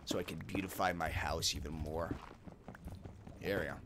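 A young man doing casual let's play commentary, talking to himself and swearing a lot, swinging from mumbles to loud outbursts. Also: a bass voice, steady tone, moderate pace, background noise. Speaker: gamer.

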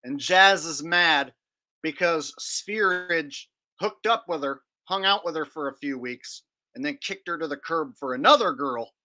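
A man's voice: fairly high pitch, a little slow, sharp tone. A man hosting a commentary video, teasing and talking straight to his viewers. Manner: drawling, teasing, addresses viewers. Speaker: commentary host. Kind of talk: commentary on clips.

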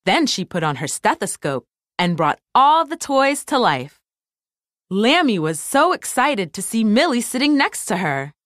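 A woman reads a children's story aloud, slow and expressive. Her voice rises and falls widely, and the sound is dry and close. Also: fairly high pitch, no room sound. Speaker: storybook reader. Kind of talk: scripted narration for children.

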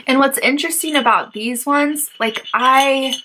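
Gushing, excitable woman vlogger. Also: high-pitched, a little slow, background noise. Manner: gushing, excitable, bursts into squeals. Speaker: YouTube host. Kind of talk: casual haul vlog, opening mail.

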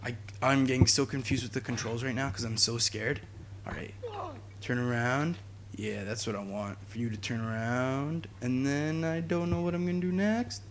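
A young man giving jokey, excitable commentary while playing a video game, talking to his viewers and yelling at enemies. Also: medium pitch, moderate pace, a little hiss or hum. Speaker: gaming YouTuber. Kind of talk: let's play commentary.

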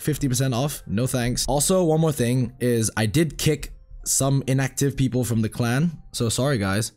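A man giving casual gameplay commentary, ranting and swearing in a fast, offhand manner. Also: medium pitch, a little mellow. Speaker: gaming channel host.

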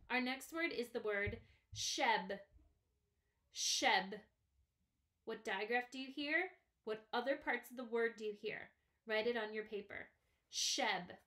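Slow, bright-voiced phonics teacher woman. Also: a little high. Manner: slow, careful, stretched-out sounds. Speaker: first grade teacher. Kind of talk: slow phonics lesson video.

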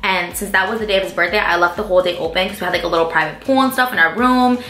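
Fast, bright-voiced chatty young woman. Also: on the low side. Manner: chatty, fills speech with "like" and "um". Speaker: beauty vlogger answering viewer questions. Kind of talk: casual chat. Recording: echoey room with faint music.

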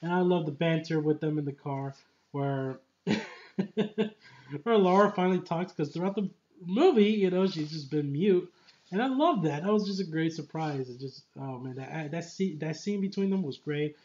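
A man's voice: fairly high pitch, normal speed, darkish tone, muffled recording. A man giving a casual, enthusiastic film review, rambling with lots of filler phrases. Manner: enthusiastic, rambling, full of "you know".

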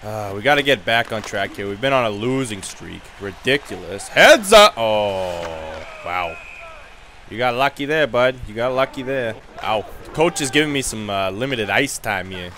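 Loud jokey gamer guy taunting everyone, voice jumping all over, faint background hiss. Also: lowish voice, lively intonation, moderate pace. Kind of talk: gameplay commentary, trash-talking in character as his player.

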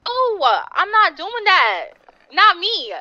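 A woman with a high, bright voice that swings up and down a great deal, talking back defensively as she plays a role-play character. The sound is dull and dry, like muffled call audio. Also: sing-song, slow, no room sound. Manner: defensive, brushes off questions.

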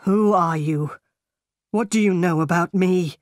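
Stern house master, grave and measured, slow, a bit low; woman reader. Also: no echo, studio quality. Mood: urgent. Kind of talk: audiobook character reading.

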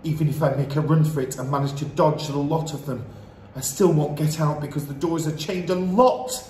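A man's voice: fairly high pitch, fairly even intonation, moderate pace, a little mellow, natural voice. A man voicing a frightened young boy who pleads and cries for help while reading a storybook aloud. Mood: desperate. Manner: panicked, pleading. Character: terrified small boy. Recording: roomy echo, faint hiss.

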